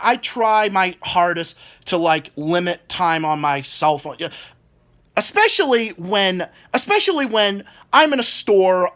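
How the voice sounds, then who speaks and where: A man's voice: sits high, fairly bright tone. A man in his twenties ranting angrily about people at his job, swearing constantly and stumbling over repeated words. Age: 20s. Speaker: vlogger. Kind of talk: angry rant.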